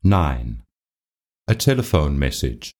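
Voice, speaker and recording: A man announcing numbered items in a listening test, in a measured reading tone. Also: sing-song, a little mellow. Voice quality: very deep, slow and measured. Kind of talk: reading item numbers and titles.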